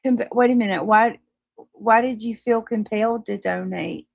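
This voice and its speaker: A woman hosting a casual livestream, chatting with viewers and reading their comments, warm toward them and quick to apologize. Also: a little high, gravelly, no echo. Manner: chatty, apologetic, laughs easily, restarts often. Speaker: livestream host.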